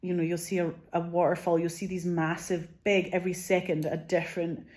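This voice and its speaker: A woman's voice: fairly low pitch, little pitch movement, a little fast, a little mellow. A woman in her forties talking to camera in a loose, rambling monologue, swearing freely and filling her sentences with "like.". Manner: rambling and profane, heavy use of "like". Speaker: vlogger.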